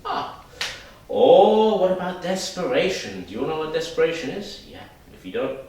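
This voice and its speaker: Lively man teaching in an echoey room. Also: a little high, moderate pace, recorded from a distance, slight background noise. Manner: lively, demonstrative, talks to viewers directly. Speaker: English teacher. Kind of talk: video lesson.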